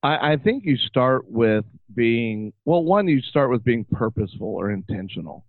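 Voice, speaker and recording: A man's voice: mid-range voice, expressive, moderate pace, no room sound. A middle-aged man talking as a guest, telling stories with animation and many restarts. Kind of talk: casual interview chat. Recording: tinny phone-like line.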